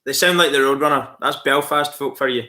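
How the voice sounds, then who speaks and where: Scottish male streamer, bright and forward tone, easygoing chat with his viewers. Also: mid-range voice, a little fast. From Scotland. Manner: friendly and chatty, calls viewers mate, laughs often. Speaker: livestream host. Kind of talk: casual chat reading out viewer comments.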